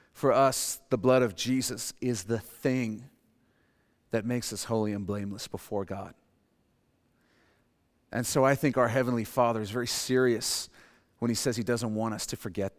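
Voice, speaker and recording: A male pastor preaching in a church sanctuary, his voice carrying a long hall reverb. He builds to forceful peaks, then sinks to hushed, weighty lines. His pitch sits in a typical middle range for a man. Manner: dynamic preaching, dropping to quiet emphasis and rising for acted quotes. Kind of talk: sermon.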